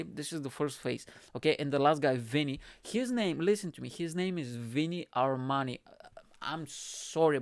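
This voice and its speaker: A man hosting his own show, talking in a casual, rambling and animated way, swearing and laughing often. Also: medium pitch, clean tone, no echo, clean studio sound. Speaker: podcast host. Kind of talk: casual solo commentary.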